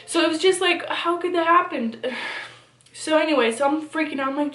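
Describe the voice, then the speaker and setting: Lively young woman telling a story. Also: sits high, fairly quick, echoey room. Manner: animated, swears a lot, frequent fillers. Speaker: vlogger. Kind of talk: casual storytime monologue. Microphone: camera on a phone or small camera.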